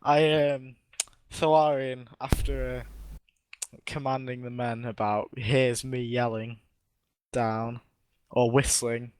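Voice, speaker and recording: A man's voice: medium pitch, flat delivery, slow, darkish tone, smooth. A man playing a tabletop game over voice chat, tentative and thinking aloud. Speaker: player.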